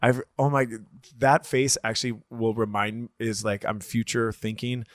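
A man's voice: mid-range voice, fairly even intonation, normal speed, dry recording. A man in his thirties co-hosting a podcast, chatting casually with lots of fillers and restarts. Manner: rambling, hesitant, many fillers and restarts. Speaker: podcast co-host. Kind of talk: casual chat.

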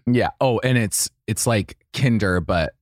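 A man's voice: fairly low pitch, unhurried, no room sound, clean studio sound. A young man co-hosting a podcast in casual chat, rambling and laughing often as he tells stories. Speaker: podcast co-host.

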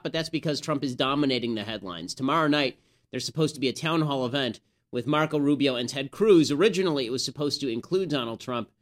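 A man's voice: medium pitch, fairly bright tone. A man hosting a political commentary show, talking in an opinionated, conversational way and often restarting his sentences. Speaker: host.

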